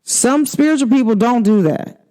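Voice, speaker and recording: Woman astrology host, casual and sassy, very lively pitch, talks straight to her viewers. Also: normal speed. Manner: emphatic, sassy, slangy, swings pitch for emphasis. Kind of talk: casual spiritual talk to viewers.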